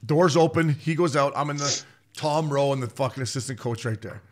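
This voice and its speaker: A man's voice: mid-range voice, a little fast. A man co-hosting a podcast, telling stories in rowdy, profane, laughing casual chat. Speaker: podcast co-host.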